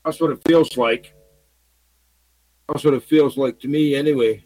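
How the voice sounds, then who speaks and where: A man's voice: a little high, normal speed, a little mellow, poor audio. A man from Scotland talking to his viewers in a rambling, repetitive monologue full of fillers. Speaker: video blogger. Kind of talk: casual monologue to camera.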